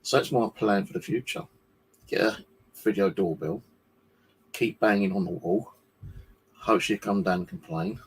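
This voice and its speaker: Husky, aggrieved man. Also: fairly low pitch, unhurried, long pauses. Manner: rambling, swearing, aggrieved. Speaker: vlogger. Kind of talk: casual monologue to camera. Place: home flat indoors.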